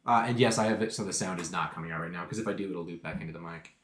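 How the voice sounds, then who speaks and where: A man's voice: sits low, very fast, reverberant, heavy background noise. A man running a tabletop game who chats casually and explains the rules patiently. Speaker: game master.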